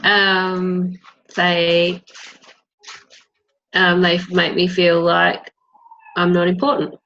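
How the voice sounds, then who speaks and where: A woman being coached, answering hesitantly with frequent pauses. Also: fairly low pitch, monotone, fairly bright tone. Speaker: mentee. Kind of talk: coaching conversation. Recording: muffled sound with faint noise.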